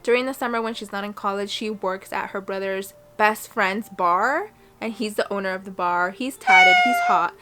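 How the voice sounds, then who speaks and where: A woman's voice: mid-range voice, fairly even intonation, moderate pace, few pauses, sharp tone. A young woman in her twenties chatting casually on a book vlog from her reading corner at home, gushing and emotional. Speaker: book vlogger.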